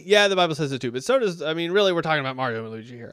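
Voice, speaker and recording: A man's voice: fairly high pitch, expressive, racing, fairly bright tone, clear, resonant tone, no room sound, clean studio sound. A man reviewing a sermon in a sarcastic, incredulous and rambling way. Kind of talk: critical commentary.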